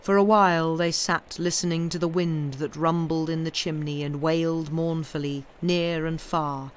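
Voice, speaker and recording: A woman reading a classic story aloud as narrator on a livestream, in a slow, deliberate storytelling manner. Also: low voice, fairly even intonation, clean tone. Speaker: reader.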